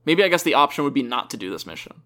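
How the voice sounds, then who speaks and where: A young man talks quickly through a casual gaming chat. His pitch swings widely as he rambles and corrects himself mid-sentence. He laughs often between thoughts. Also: sing-song, sharp tone. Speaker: podcast co-host.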